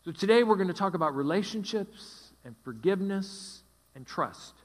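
A man's voice: sits high, animated, moderate pace. A middle-aged man preaching a sermon as pastor, emphatic and repeating phrases for stress. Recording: long hall reverb.

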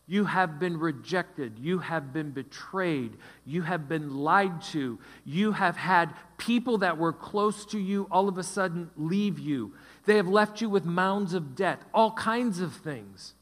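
A man's voice: high-pitched, a bit bright. Emphatic middle-aged male pastor preaching. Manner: emphatic, repeats phrases for stress. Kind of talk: sermon. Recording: long hall reverb.

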